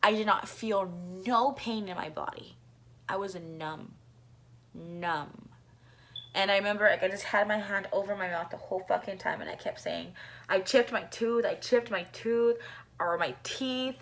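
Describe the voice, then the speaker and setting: A woman's voice: mid-range voice, normal speed, fairly bright tone. A woman vlogger telling a casual storytime, rambling and profane, with constant filler words and an occasional cough. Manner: coughs now and then.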